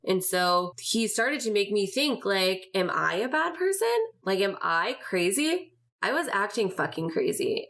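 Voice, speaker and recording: Gravelly low-voiced woman telling her story. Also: a bit bright. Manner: casual, profane, filler-heavy. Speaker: podcast host. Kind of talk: candid personal storytelling.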